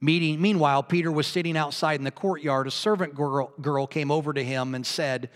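A man preaching a sermon, earnestly retelling a story and swinging from soft to emphatic. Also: a little high, steady tone, a little fast, hardly any pauses, long reverb tail.

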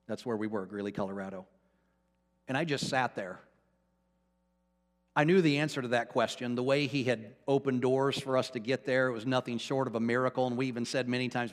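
A male pastor preaching a sermon, telling a personal story and swinging from hushed to fervent. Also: medium pitch, brisk, long reverb tail. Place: church.

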